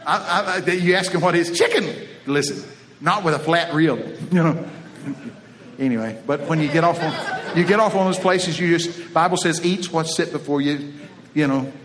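This is a middle-aged Texan man delivering a folksy sermon, joking along in drawling Southern phrasing and spinning homespun stories. He speaks at a moderate pace in a fairly bright voice on the high side, with a little hiss or hum on the recording.

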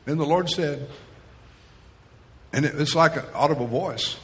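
Bright-voiced preacher in an echoing hall. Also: male voice, fairly high pitch, expressive, normal speed, long pauses. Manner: storytelling, acts out quotes. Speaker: pastor. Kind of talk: sermon. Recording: reverberant hall.

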